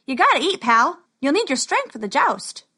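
Woman reader doing a boastful wizard man for a storybook, loud, high. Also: big pitch swings, moderate pace, heavily acted. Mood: brash. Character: brash cocky male wizard entertainer.

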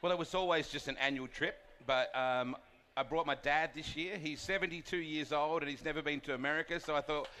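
A man's voice: fairly high pitch, fairly even intonation, a little fast, a crowd in the background. A man with an Australian accent, a race announcer, telling stories in a laughing, casual chat. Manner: laughing storyteller.

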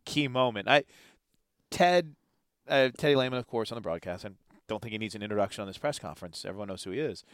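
A man's voice: fairly low pitch, quick pace, a bit bright, dry recording, studio quality. Rambling, enthusiastic man on sports talk. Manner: rambling, enthusiastic, acts out quotes. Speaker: sports talk show co-host. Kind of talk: casual sports chat.

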